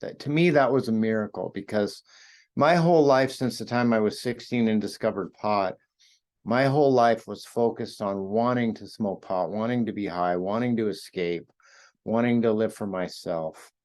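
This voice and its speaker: A man's voice: lowish voice, normal speed, a little mellow. A middle-aged man in a podcast interview, telling his own story in an earnest, reflective way with frequent fillers and restarts. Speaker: podcast host and author sharing his recovery story.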